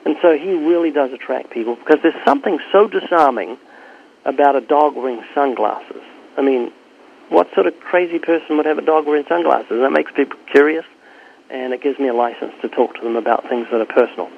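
A man's voice: mid-range voice, fairly quick, gravelly. An older man, a street preacher, answering interview questions and telling stories, acting out both sides of his conversations with people. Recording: tinny phone-like sound.

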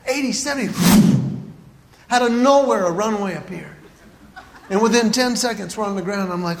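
A man's voice: very high-pitched, brisk, fairly bright tone. A man telling a humorous personal story to an audience, animatedly acting out his own panic. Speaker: speaker. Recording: hall reverb, faint background noise.

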